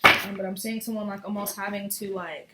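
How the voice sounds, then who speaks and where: A woman's voice: medium pitch, level tone, brisk. A woman giving a casual, chatty tarot reading, talking bluntly and swearing freely. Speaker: tarot reader. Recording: echoey room with faint noise.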